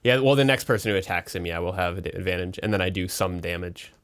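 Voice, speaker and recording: A man's voice: low voice, fast, a bit bright. A man playing a tabletop game with friends, chatty and thinking aloud about his moves. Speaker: player. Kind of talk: casual tabletop game chat.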